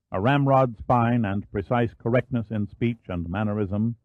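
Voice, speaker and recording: A man narrating a thriller audiobook in a measured, even storytelling manner. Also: mid-range voice, no room sound. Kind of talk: scripted narration. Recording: dry, phone-like narrow band.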